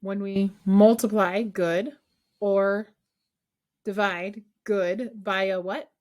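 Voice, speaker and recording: A woman's voice: medium pitch, steady tone, takes it slowly, darkish tone. A woman math teacher leading an online class over a video call, coaxing students with call-and-response questions.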